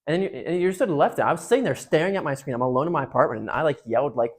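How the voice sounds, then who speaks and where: A young man giving a youth talk at a parish, emphatic and joking, jumping between loud outbursts and hushed asides. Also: fairly high pitch, animated, racing, few pauses. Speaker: parish speaker.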